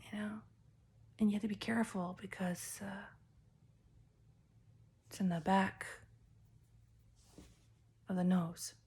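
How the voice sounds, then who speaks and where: A woman's voice: medium pitch, steady tone, takes it slowly, long pauses, a little mellow, slightly rough. An older woman giving an intuitive collective tarot reading, rambling from thought to thought and trailing off into whispered asides. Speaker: tarot reader and spiritual healer.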